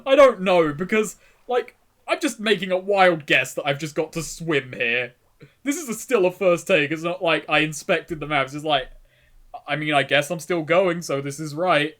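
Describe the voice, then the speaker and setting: Guy rambling over a game, laughs a lot, kinda high voice. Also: lively intonation, moderate pace, a bit bright. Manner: rambling, self-deprecating, laughs often. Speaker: game commentator playing. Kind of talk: casual let's-play commentary.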